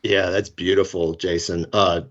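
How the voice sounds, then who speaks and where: A man's voice: sits low, flat delivery, measured pace. A man in his fifties from the Florida Keys, a guest in a casual podcast interview. He rambles through self-deprecating stories and chuckles as he goes. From Florida Keys, United States. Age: 50s. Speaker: guest, safety consultant. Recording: dull lo-fi sound.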